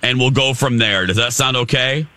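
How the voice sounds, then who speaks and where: A man's voice: mid-range voice, moderate pace, pushed and bright, clean tone, no echo. A man co-hosting a morning radio talk show, bantering casually and joking at his own expense. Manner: joking, self-deprecating, chatty. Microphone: studio microphone.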